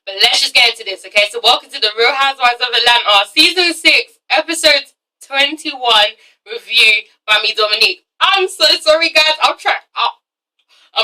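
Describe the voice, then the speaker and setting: A woman's voice: fairly high pitch, moderate pace, pushed and bright, recorded from a distance, rough recording. A young woman hosting a casual TV review vlog, rambling and blunt, with a habit of ending lines with a questioning "okay?". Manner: rambling, keeps tagging sentences with a questioning "okay?". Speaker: TV review vlogger.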